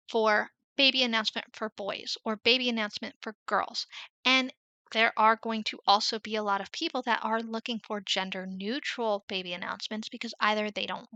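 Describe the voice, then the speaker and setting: A woman's voice: mid-range voice, vocal fry, bright, forceful tone, dry recording. A woman, talking through a screen-share lesson in a chatty, explanatory way. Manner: chatty, explanatory, drawn-out emphasis. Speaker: Etsy selling coach.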